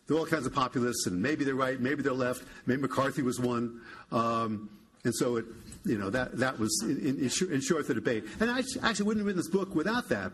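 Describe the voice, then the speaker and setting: An older American man, a historian guest, talking in a halting, wry way with many restarts. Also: medium pitch, slightly rough. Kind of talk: conversational public interview.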